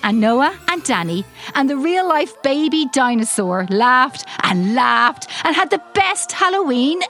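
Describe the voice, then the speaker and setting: A woman reading a children's storybook aloud in an expressive, animated way. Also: high-pitched, unhurried, faint music behind.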